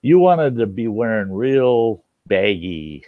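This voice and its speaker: A man's voice: on the low side, very animated, slow pace, dry recording. A man hosting a late-night live stream. He tells stories in casual chat, laughs often and swears freely. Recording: dull lo-fi stream audio.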